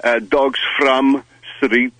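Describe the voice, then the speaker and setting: A man doing a gruff Russian official who calls in by phone, speaking blunt broken English with a Russian accent. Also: medium pitch, little pitch movement, very slow, a bit bright, no echo. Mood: deadpan. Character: gruff Russian official phoning a radio show.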